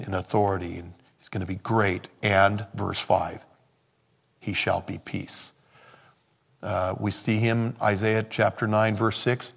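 A male pastor delivering a sermon, moving from quiet scripture reading to loud, emphatic preaching. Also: fairly low pitch, gravelly.

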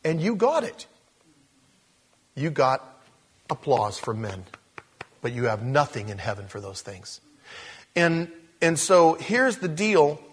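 A man preaching a sermon, animated, moving between loud emphatic lines and low, slow ones. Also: husky.

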